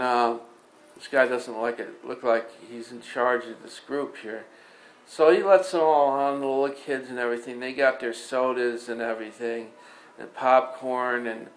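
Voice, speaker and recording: A man's voice: mid-range voice, a little hiss or hum. A man telling an improvised story, rambling casually with many fillers and restarts. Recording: echoey room with faint ambience.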